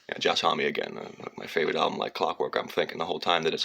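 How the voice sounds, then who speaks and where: A man's voice: a bass voice, steady tone, fast talker, creaky, bright, forceful tone, husky. A man telling a digressive, profane story in a rambling monologue. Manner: digressive, profane, slips into sung lines and mocking voices.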